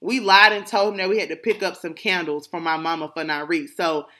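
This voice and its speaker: Woman talking it out solo, bright voice, emphatic, keeps saying thanks like a prayer. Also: on the low side, steady tone, a little fast. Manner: emphatic, repeating gratitude phrases like a prayer. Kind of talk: personal reflective monologue.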